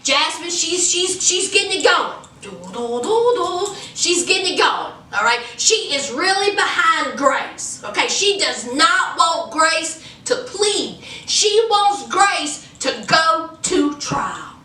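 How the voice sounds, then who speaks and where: A woman's voice: very high voice, animated, slow, hardly any pauses, pushed and bright, roomy sound, far from the mic. A woman retelling a movie plot in a casual, sassy way, full of chatty asides. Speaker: movie reviewer.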